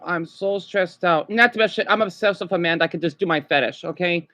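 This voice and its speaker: A man livestreaming from home in an unscripted rambling vlog. He sounds upset and exhausted, talks haltingly, repeats himself and keeps tagging lines with "okay?". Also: sits high, pushed and bright, no room sound. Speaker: vlogger livestreaming.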